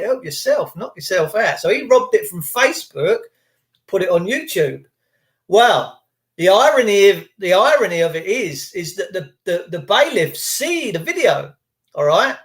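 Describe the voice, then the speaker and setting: Man, high-pitched voice, defiant storytelling, quotes others in put-on voices. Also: a bit bright. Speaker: speaker telling stories. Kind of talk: casual storytelling monologue.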